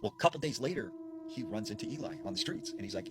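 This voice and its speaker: A man's voice: mid-range voice, animated, fast talker, noisy background. A man telling a scary story in a casual, rambling way, with lots of fillers. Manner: rambling, full of "like" and "you know".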